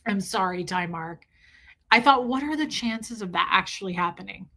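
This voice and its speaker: Bright-voiced woman livestreamer chatting with viewers. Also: mid-range voice, expressive, normal speed. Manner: emotional, candid, talks straight to chat viewers. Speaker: livestream host reading chat. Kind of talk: casual livestream chat.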